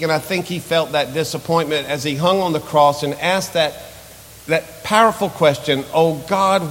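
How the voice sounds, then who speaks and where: A man's voice: on the high side, a bit bright, big-room sound. A male pastor preaching a sermon with impassioned, repetitive rhetorical questions, in a church sanctuary.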